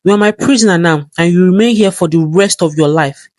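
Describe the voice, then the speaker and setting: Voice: mid-range voice, fairly quick, a little mellow, no echo, close to an everyday voice. A cruel, scheming woman talks down to her captive with harsh contempt, voiced by a storyteller. The reading stays close and dry. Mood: contemptuous.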